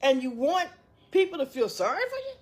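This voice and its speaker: A woman delivering an angry, mocking social media rant, profane and loud at times. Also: high-pitched, sing-song, a little fast.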